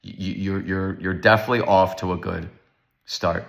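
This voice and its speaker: A man giving a casual Torah lecture, animated and storytelling, acting out the voices of the people in his stories. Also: deep voice, normal speed, creaky.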